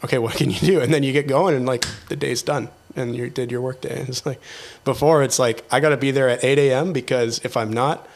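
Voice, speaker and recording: A man hosting a casual podcast chat about theatre work, talking in an animated way and laughing often. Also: medium pitch, a little fast, vocal fry, few pauses, slight background noise. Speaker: podcast host, theatre technician.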